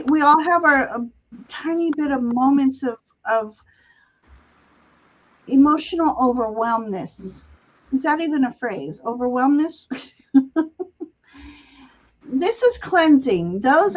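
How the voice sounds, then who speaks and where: A woman host giving a live tarot reading, speaking gently and laughing often between phrases, on dull lo-fi livestream audio. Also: high voice, slight background noise. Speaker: tarot reader and show host.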